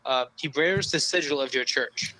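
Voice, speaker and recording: A man's voice: medium pitch, moderate pace, bright, forceful tone, a little hiss or hum, rough recording. A young man narrating a tabletop game as game master, rambling with fillers and restarts.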